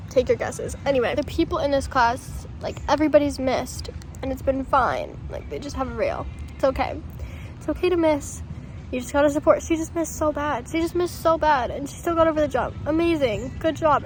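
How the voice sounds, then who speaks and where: A woman's voice: a little high, background noise. A young woman vlogger and rider, talking in a chatty, self-deprecating way with lots of "like". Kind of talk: casual vlog voiceover and on-camera chat.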